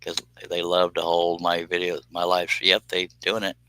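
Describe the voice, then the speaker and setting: A man's voice: sits low, completely flat delivery, normal speed, bright, forceful tone, a little hiss or hum, poor audio. A man hosting a casual live stream, chatting in a folksy, joking way while he cuts on a scroll saw in his workshop. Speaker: livestream host.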